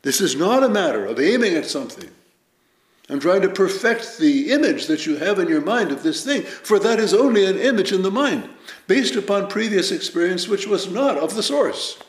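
A man giving a Zen dharma talk as teacher, measured and reflective, telling stories with lively emphasis. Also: high-pitched. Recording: roomy echo.

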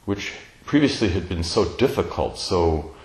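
A man telling a personal family story in a slow, tender, reflective way, pausing often. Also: sits low, lively intonation, darkish tone, roomy sound, poor audio. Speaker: speaker sharing a personal story.

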